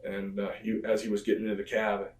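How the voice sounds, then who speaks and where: A former pro wrestler, guesting on a casual storytelling interview, rambles through backstage anecdotes with lots of fillers and an occasional chuckle. His voice is low-ish, monotone and quick. The recording sounds roomy, as if he's far from the mic.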